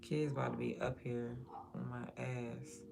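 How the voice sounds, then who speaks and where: A woman's voice: very deep voice, level tone, a little slow, vocal fry, background noise. A young woman chatting casually on her livestream, blunt and profane, rambling. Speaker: livestream host.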